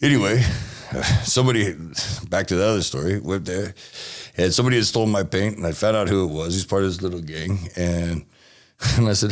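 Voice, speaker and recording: A man's voice: low voice, brisk. A man from Texas telling a rambling, swearing story as an interview guest.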